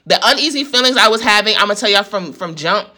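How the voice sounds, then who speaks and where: A woman's voice: medium pitch, animated, fast, bright, forceful tone. Fired-up New woman ranting. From New York. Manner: heated, profane, venting. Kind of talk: storytime rant to viewers.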